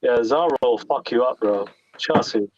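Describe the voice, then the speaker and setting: An excitable man in casual chat who swears freely and laughs often. His speech is energetic and keeps gushing. The sound is dull and muffled, like a lo-fi mic. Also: mid-range voice, normal speed, a crowd in the background. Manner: enthusiastic, sweary, laughs easily.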